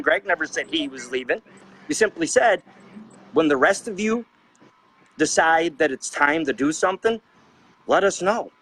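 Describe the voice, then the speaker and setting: A man's voice: on the high side, a bit bright, husky, low-quality recording. A middle-aged man on a panel show, ranting with fiery, preachy anger and firing off rhetorical questions as a trucker advocate. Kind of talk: impassioned rant.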